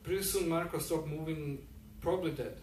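A man's voice: a little high, a little mellow. Man reading his fiction aloud, echoey room. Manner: halting, with frequent fillers. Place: event hall. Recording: echoey room, distant mic, faint noise.

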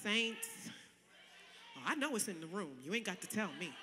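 A woman pastor preaching a sermon in a casual, colloquial way, swinging from loud shouting to soft, chatty asides. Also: mid-range voice, very animated, normal speed, long reverb tail. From Connecticut, USA. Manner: casual, colloquial preaching with direct address to the congregation. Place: large church sanctuary.

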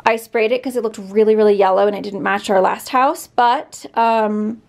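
A woman's voice: mid-range voice, normal speed, creaky, darkish tone. A woman giving a casual, chatty tour of her bedroom filming room as a beauty vlogger, upbeat and full of fillers.

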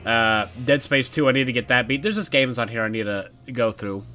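A man talks through a horror game as he plays, riffing and joking at what he sees. His voice is bright and lively, jumping up and down in pitch. It has the easy sound of a relaxed gaming video. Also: brisk, faint music behind. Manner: chatty, jokey, talks to the game. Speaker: gaming YouTuber. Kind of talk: casual let's-play commentary.

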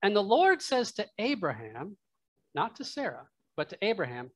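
A man's voice: high-pitched, wildly swooping pitch, moderate pace, a bit bright, no echo. A man preaching a sermon in church, talking it through in a casual, musing way with asides. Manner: conversational, musing aloud with asides and laughs. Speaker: pastor.

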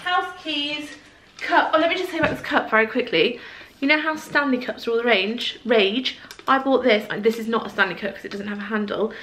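A woman's voice: a little high, fairly quick, pushed and bright, a little hiss or hum, poor audio. A woman chatting casually in her vlog, rambling and poking fun at herself. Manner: chatty, rambling, self-deprecating. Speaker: vlogger.

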